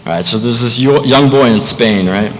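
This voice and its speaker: A man's voice: mid-range voice, moderate pace. A young man giving a commencement speech as a student speaker, with a light, joking delivery. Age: young adult. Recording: echoey hall, faint noise.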